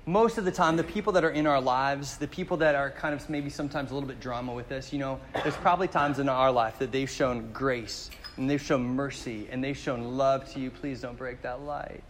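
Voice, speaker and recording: A man's voice: medium pitch, fairly even intonation, a little fast, few pauses, a little hiss or hum. Man preaching in a reverberant hall. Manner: conversational storytelling with jokes. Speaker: pastor. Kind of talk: sermon.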